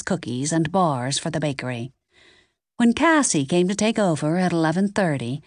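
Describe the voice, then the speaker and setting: A woman narrating a cozy mystery audiobook in a measured storytelling voice on a close mic. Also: low-pitched, dry recording. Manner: measured storytelling, varied intonation. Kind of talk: scripted narration.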